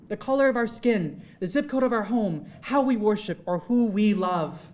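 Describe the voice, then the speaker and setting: A man's voice: high voice, lively intonation, moderate pace, hardly any pauses, darkish tone. A young man from Michigan giving a heartfelt, formal speech at a swearing-in ceremony before a live audience in a large hall. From Michigan, USA. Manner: earnest, heartfelt delivery with long lists of thanks. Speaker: newly elected state legislator.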